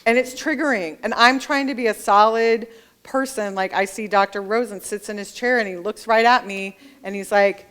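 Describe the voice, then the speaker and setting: A woman with a smooth, clear voice, sitting in for an author interview at a library event. She talks in an animated, storytelling way and keeps slipping into the voices of people she quotes. Her pitch sits in an ordinary middle range. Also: moderate pace. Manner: animated storyteller who acts out quoted dialogue. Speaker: author guest.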